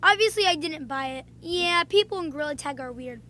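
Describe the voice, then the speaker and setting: High bright chatty woman vlogger. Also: lively intonation, a little fast. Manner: chatty, playful, with frequent "um"s. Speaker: video creator. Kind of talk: casual vlog storytelling.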